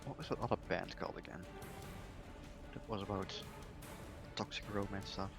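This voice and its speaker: A man with a low, monotone voice talks quietly and offhandedly as a tabletop game player. Clear music runs behind his speech. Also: normal speed. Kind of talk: tabletop role-play.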